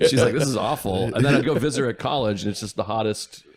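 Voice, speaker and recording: Profane storytelling man, mid-pitched. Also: fast. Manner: profane storyteller who acts out quoted lines. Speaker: podcast co-host and comedian. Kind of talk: casual chat.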